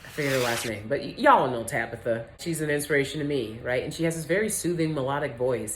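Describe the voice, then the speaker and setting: A low-voiced woman giving a candid, casual vlog monologue, animated and quick to laugh. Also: a little hiss or hum. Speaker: vlogger.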